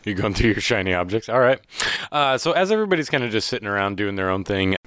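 A young man hosting and narrating a tabletop game in a relaxed, casual way. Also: on the low side, fast talker, clear, resonant tone. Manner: relaxed, with frequent uh fillers. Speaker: dungeon master and podcast host.

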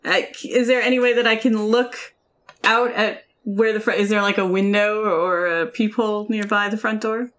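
A woman's voice: medium pitch, fairly even intonation, normal speed, fairly bright tone. Brief: woman player, mid-range voice, casual and a bit hesitant, tabletop game. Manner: hesitant, starts with fillers.

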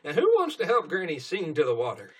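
A podcaster doing a high, loud voice as a forgetful elderly cartoon pony grandmother. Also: huge pitch swings, fast talker, breathy edge, far from the mic. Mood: cheery.

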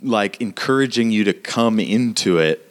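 A man runs a tabletop game as game master. He narrates casually and fills his talk with fillers. His voice sits somewhat low. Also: lively intonation, moderate pace.

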